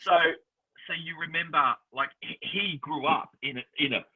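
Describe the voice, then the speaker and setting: A podcast co-host with a husky, slightly high voice tells lively stories in a casual chat, animatedly performing the voices of the people he quotes. He speaks at normal speed, and the sound is tinny, like a phone line.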